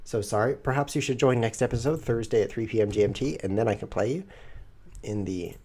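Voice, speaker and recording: Husky man thinking aloud over chess. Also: medium pitch, a little fast, mellow. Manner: rambling, playful, thinking aloud. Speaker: chess streamer. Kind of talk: live chess commentary.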